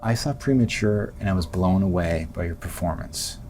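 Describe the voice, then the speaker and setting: Effusive male podcast host, lowish voice. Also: moderate pace, darkish tone, faint music behind. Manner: effusive, rambling, self-interrupting. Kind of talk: enthusiastic interview talk.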